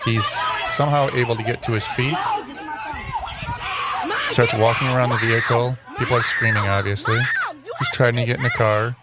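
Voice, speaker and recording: A man's voice: mid-range voice, steady tone, normal speed, pauses often, shouting, a loud crowd, heavy background noise. A man hosting a podcast, giving casual commentary over news clips in a rambling, self-correcting way with dryly sarcastic asides. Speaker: podcast host.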